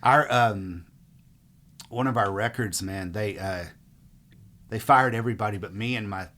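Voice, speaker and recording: Relaxed man, lowish voice. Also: unhurried. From Mississippi. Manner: relaxed, rambling, frequent fillers. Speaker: musician guest. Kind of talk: casual interview storytelling.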